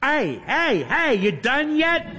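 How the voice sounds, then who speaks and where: A man's voice: very high voice, huge pitch swings, takes it slowly, sharp tone, in a large hall, voice pushed up, heavily acted. A man voicing an impatient young man calling out from outside. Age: young adult.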